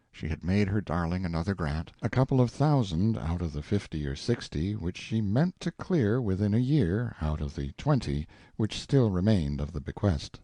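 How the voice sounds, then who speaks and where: A man reading a classic short story aloud as an audiobook narrator, in measured storytelling. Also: low-pitched, a little mellow, no echo. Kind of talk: scripted narration.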